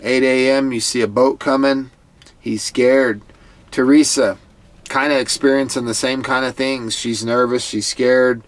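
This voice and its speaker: Man, casual commentator, mid-pitched, earnest and heartfelt, stumbles over repeated words. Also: fairly even intonation, unhurried. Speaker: TV show commentator.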